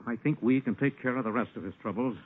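A man playing a decisive boss in 1940s radio acting, brisk and giving orders. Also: mid-range voice, close to an everyday voice. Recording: tinny old radio broadcast.

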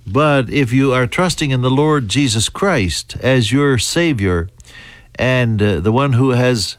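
An American man preaching a Bible teaching in a deliberate, halting way, with fillers and restarts. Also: medium pitch, dry recording. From United States.

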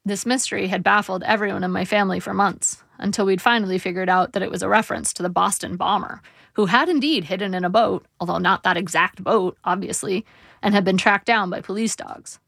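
Gravelly woman reading her memoir. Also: medium pitch, a little fast, a bit bright, no echo, studio quality. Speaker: memoir narrator. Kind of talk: audiobook memoir narration.

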